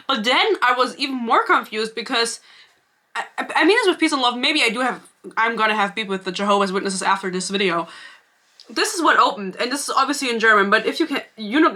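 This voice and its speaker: A woman's voice: medium pitch, pushed and bright. A young woman reviewing a book on her own channel, ranting casually with sarcasm, swearing and laughing asides. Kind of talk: casual rant to camera.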